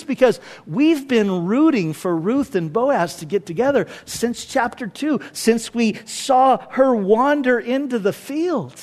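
Male pastor, high voice, preaching a relaxed conversational sermon. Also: unhurried, hardly any pauses. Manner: conversational, with casual asides.

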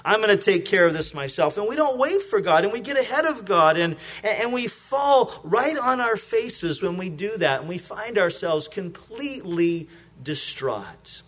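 A man's voice: sits high, sing-song, measured pace, fairly bright tone. A man who is a pastor, giving a conversational sermon, often repeating words as he starts a thought and acting out short prayers and exchanges. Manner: acts out prayers and small exchanges in a lighter voice.

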